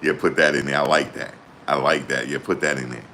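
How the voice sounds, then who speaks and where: A male channel host reads court updates aloud and reacts in an animated, blunt, slangy way, swearing freely. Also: very deep voice, brisk, a little hiss or hum. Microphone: desktop USB microphone.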